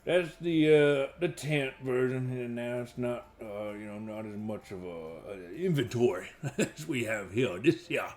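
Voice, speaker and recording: A man's voice: medium pitch, a little slow, few pauses, darkish tone, slight background noise, voice pushed up, lightly acted. A man voicing an arrogant, menacing male cat shopkeeper in a tabletop role-play, with a taunting, threatening manner. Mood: jovial.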